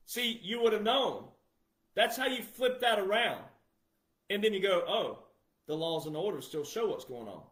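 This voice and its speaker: A middle-aged man with a high voice delivers a casual monologue, pressing his points with repetition and calling out to his listeners. His voice echoes around a reverberant room. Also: expressive, normal speed, fairly bright tone. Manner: emphatic, repetitive, addresses the audience directly. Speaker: commentator.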